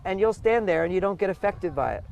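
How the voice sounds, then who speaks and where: Male relationship advisor, higher voice, animated storyteller, recorded outdoors over faint traffic. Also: fast talker, gravelly, lo-fi sound. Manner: animated, acts out quoted voices. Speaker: interview guest, relationship advisor. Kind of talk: casual interview, advice-giving.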